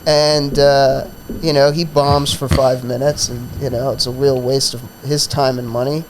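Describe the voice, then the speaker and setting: A man's voice: medium pitch, little pitch movement, a little slow, slight background noise, rough recording. A man who hosts a comedy podcast, telling a profane, rambling story in a casual chat full of fillers.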